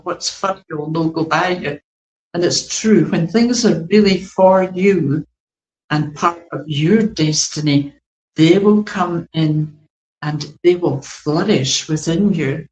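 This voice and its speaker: Slow, gentle woman spiritual teacher. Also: fairly low pitch, reverberant, poor audio. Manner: slow, gentle, meandering, with many fillers. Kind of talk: spiritual talk to an online group.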